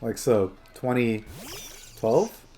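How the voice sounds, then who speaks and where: A man live-streaming a game rambles casually to his chat and his phone. His mid-range voice swings around with animated intonation, and faint game music plays underneath. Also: medium pitch, extremely slow.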